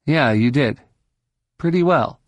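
A man's voice: a little high, animated, takes it slowly, no room sound, pitched above the performer's own voice. A man voicing an earnest, cautious young man in an audiobook.

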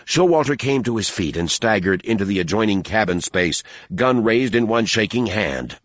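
A man narrating an audiobook in a steady, measured storytelling manner on a close mic. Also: fairly low pitch, dry recording. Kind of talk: scripted narration.

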